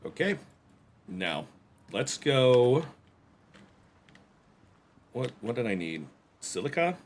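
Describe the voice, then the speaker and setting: Very animated yet slow-paced, a man at medium pitch streams a survival game, with a little hiss or hum audible. He chats loosely with his viewers, rambling and joking at his own expense in asides aimed at chat.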